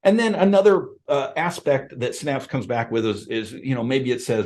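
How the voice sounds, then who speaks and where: A man's voice: mid-range voice, normal speed, a little mellow. A middle-aged man hosting a podcast, talking casually and emphatically to his listeners, often calling them folks. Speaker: podcast host and appraiser coach.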